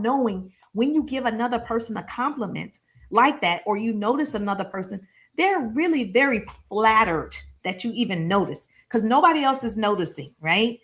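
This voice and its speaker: Woman, middle-aged, business coach, live-streamed lesson, energetic, high-pitched, acts out mini dialogues. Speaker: sales and marketing business coach.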